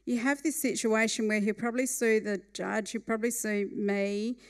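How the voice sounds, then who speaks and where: A woman tells a comic story on stage in a wry, lively way. Her voice sits slightly high and comes across smooth and clear. She keeps the telling animated and amused. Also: moderate pace.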